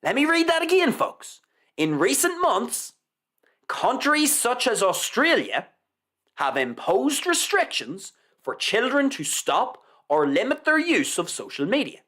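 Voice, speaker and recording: A man's voice: very high-pitched, sing-song, measured pace, bright, forceful tone. Sarcastic man with a wildly swooping delivery. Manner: sarcastic, mock-reverent, repeats lines for effect. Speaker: host. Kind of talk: live news commentary, reading an article aloud.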